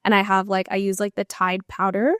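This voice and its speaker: A woman's voice: mid-range voice, level tone, a little fast, clear, resonant tone, no echo, clean studio sound. A woman in her thirties, a guest on a casual podcast, talking candidly and saying "like" and "literally" often. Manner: chatty and candid, leans on "like" and "literally". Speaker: guest, business owner. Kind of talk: casual conversational interview.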